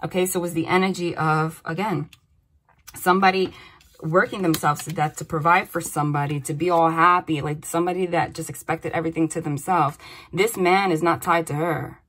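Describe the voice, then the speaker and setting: A woman giving a casual tarot reading to camera, animated and excitable, often exclaiming and repeating herself. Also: deep voice, brisk. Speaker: tarot reader.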